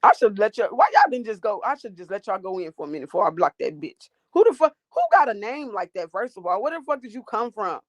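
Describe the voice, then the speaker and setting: A woman's voice: mid-range voice, very animated, fast, hardly any pauses, no room sound. A woman hosting a livestream, ranting and talking back to her chat in a profane, confrontational way. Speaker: livestream host.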